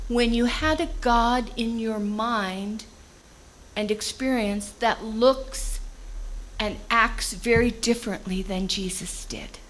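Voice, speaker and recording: A woman's voice: on the high side, rough recording. A woman preaching a conversational sermon, reading scripture and explaining it in plain everyday language.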